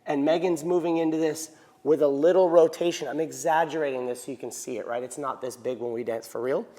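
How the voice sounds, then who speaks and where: A man's voice: on the high side, steady tone, a little fast, dark tone. Man teaching dance in an echoey hall. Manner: counts beats aloud, checks in with frequent "right?". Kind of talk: instructional dance lesson.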